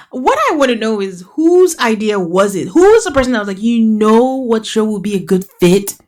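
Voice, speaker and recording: Woman, podcast host, casual recap chat, animated, higher-pitched. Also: normal speed. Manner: animated, acts out quotes, laughs often.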